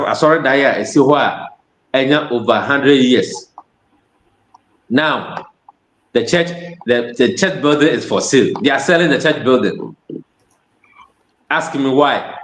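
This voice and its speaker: A man's voice: medium pitch, a bit bright, a little hiss or hum. Ghanaian man preaching in an echoey room. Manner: switches between Twi and English phrases. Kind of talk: sermon.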